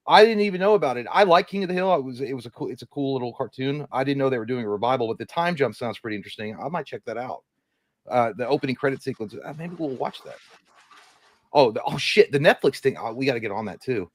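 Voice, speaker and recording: A man's voice: mid-range voice, fast talker. A man co-hosting a live movie stream, joking while he reads chat messages.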